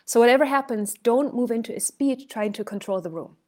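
Expressive woman speech coach telling a story. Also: fairly high pitch, fairly quick. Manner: expressive storyteller, shifts loudness to illustrate points. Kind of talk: conversational coaching talk.

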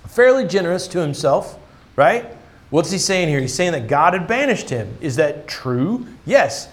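A man's voice: on the high side, very animated, unhurried. Casual, chatty male preacher. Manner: casual, often asks "right?". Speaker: pastor. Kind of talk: conversational sermon.

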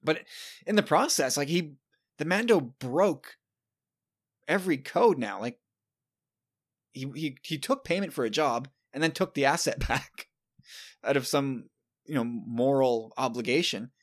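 A man's voice: mid-range voice, a little slow, pauses often. A man in his thirties hosting a casual chat, talking loosely and often restarting his words.

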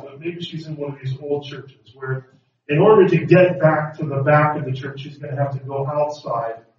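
A man preaching a sermon in a reflective way, asking rhetorical questions. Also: mid-range voice. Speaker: pastor. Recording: echoey room, distant mic, dull sound.

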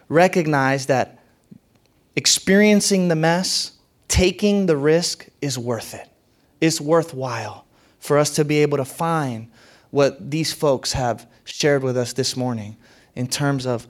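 Male pastor, fairly high voice, lively emphatic sermon delivery. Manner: animated, emphatic preaching with big swings in loudness. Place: church hall.

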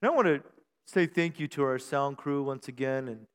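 A man's voice: mid-range voice, normal speed, in a large hall, slight background noise. A man preaching a sermon to his church, using humor and call-and-response to keep the room engaged, and drawing out key phrases for emphasis. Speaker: pastor. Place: church sanctuary.

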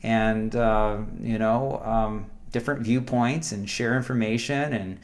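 Calm low-voiced man reflecting on scripture. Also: unhurried. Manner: calm, reflective, frequent affirming murmurs. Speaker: co-host of a Bible study show. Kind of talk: casual Bible study discussion.

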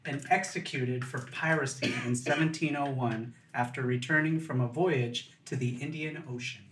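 A man hosting a casual podcast, reading historical notes haltingly and stumbling over names. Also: mid-range voice, fairly even intonation, fairly bright tone, roomy sound, recorded from a distance, slight background noise, low-quality recording. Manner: reads facts haltingly, stumbles on names, laughs along. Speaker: podcast host reading research.

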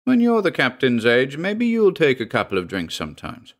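A man voicing a fussy, indignant middle-aged housekeeper with a sharp, scolding way of talking. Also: mid-range voice, wildly swooping pitch, moderate pace, voice pushed up. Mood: bossy.

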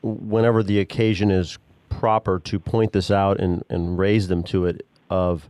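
A man's voice: low-pitched, level tone, a little slow, darkish tone, no echo. A man speaking firmly and matter-of-factly about how children should ask for things. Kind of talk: casual parenting discussion.

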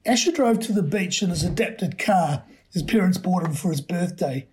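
Man reading a story, breathy husky voice, measured. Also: high voice. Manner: measured and expressive. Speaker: podcast host.

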